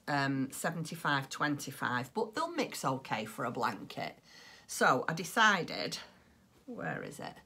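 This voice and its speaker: A woman's voice: deep voice, a bit bright, husky. A woman chatting casually on her craft podcast, rambling along with plenty of ums. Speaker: crochet and knitting podcaster.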